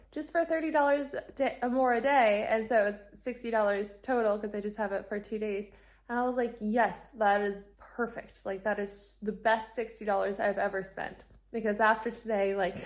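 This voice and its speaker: Chatty woman telling a travel story, gravelly. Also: medium pitch. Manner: animated, acts out quoted exchanges, laughs often. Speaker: travel vlogger. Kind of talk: casual storytelling vlog.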